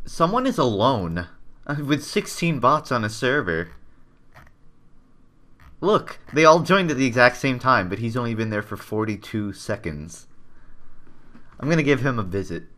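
A man's voice: mid-range voice, sharp tone. A man giving jokey, sarcastic commentary over game footage as the host of a gaming channel. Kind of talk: gameplay commentary.

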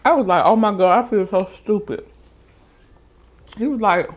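A woman's voice: mid-range voice, moderate pace, pauses often. Chatty woman telling a storytime. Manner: chatty and animated, quoting others in raised voice. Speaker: mukbang vlogger. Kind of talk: casual storytime to viewers.

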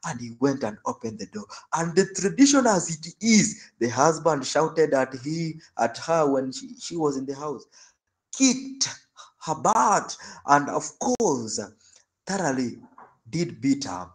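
A male preacher giving a sermon. He tells stories in an animated way and circles back on phrases for emphasis. His voice sits slightly higher than most men's. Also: measured pace. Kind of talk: sermon with storytelling.

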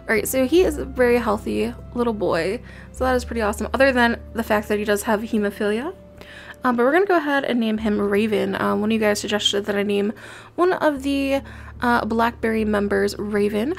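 Excitable high-voiced woman gaming host. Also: brisk, vocal fry, soft background music. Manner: gushing, easily excited, many fillers. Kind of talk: casual game commentary.

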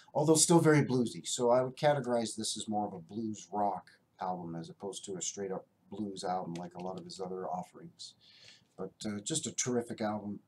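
A man's voice: medium pitch, darkish tone, slight background noise. A man who collects records, casually and enthusiastically showing off his finds in a rambling way. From Canada. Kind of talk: casual show-and-tell.

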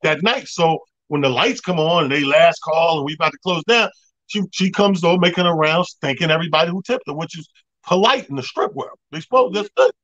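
A man's voice: a little high, a little fast, fairly bright tone, no room sound, highs cut off. A man telling a comic story in casual chat, acting out the people in it and laughing as he goes. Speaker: podcast co-host.

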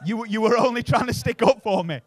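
A man's voice: high-pitched, brisk. A man from Bury near Manchester with a Manchester-area accent, doing a sweary stand-up set in a comedy club, chatting with the crowd and tagging lines with "right?".

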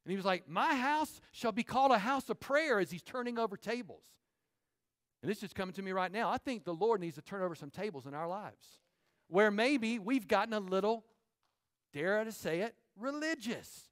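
High-voiced preaching man. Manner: animated preaching, quick asides to the congregation. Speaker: pastor. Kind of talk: sermon. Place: church sanctuary.

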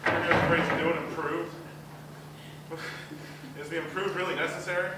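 A man's voice: fairly high pitch, little pitch movement, very noisy. A young man performing a rambling, self-deprecating stand-up comedy set as a student comic. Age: young adult. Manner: rambling, self-deprecating, with quick acted-out asides. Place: university talent show stage. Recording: distant, very echoey hall mic with crowd ambience. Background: audience laughter.

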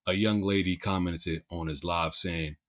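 A man's voice: sits low, fairly even intonation, measured pace, a bit bright. A male podcast host with a Philadelphia accent, chatting casually and restarting his sentences often with repeated words.

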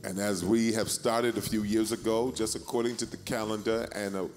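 A man leads a church service as pastor, preaching and then moving into announcements, driving his points home through repetition. His voice sits fairly low. The church rings with a long reverb, and music plays clearly underneath. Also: level tone, normal speed. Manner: repeats phrases for emphasis, exhorting the congregation. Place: church sanctuary.

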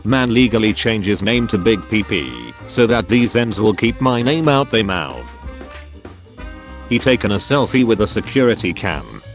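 Low-voiced man reading funny posts. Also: sing-song, measured pace, soft background music. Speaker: meme channel narrator.

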